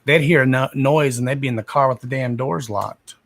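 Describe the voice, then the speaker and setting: A man's voice: medium pitch, fairly quick, creaky, fairly bright tone. A young man hosting a psychic reading livestream, chatting casually with viewers by name, swearing freely and laughing often.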